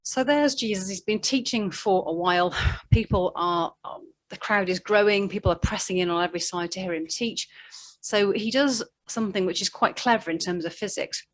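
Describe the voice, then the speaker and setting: A woman's voice: mid-range voice, normal speed. A woman giving a conversational sermon, telling the story in a chatty way with asides. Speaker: preacher.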